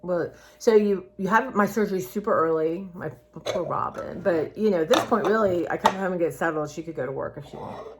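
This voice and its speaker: A woman's voice: lowish voice, fairly quick, noisy background. Rambling older woman chatting to viewers. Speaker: vlogger. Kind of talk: casual chat to camera.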